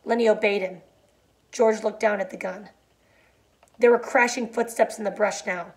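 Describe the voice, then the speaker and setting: A woman reads a novel chapter aloud in a quiet, even voice that drops low on the somber lines. When she finishes, she explains the ending in a chatty way, with fillers and restarts. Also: moderate pace. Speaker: teacher reading a novel aloud. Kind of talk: read-aloud and plain explanation.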